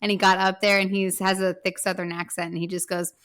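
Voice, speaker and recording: A woman's voice: medium pitch, level tone, a little fast, fairly bright tone. A woman co-hosting a movie podcast, chatting casually and telling stories with frequent laughter. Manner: chatty storyteller, laughs often. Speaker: podcast co-host. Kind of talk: casual chat.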